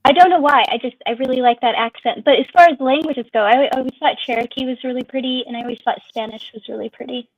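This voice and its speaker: A woman's voice: sits high, quick pace, hardly any pauses, dry recording, highs cut off. A woman streamer chatting casually in an open group conversation, musing and drawing out her phrases. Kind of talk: casual chat.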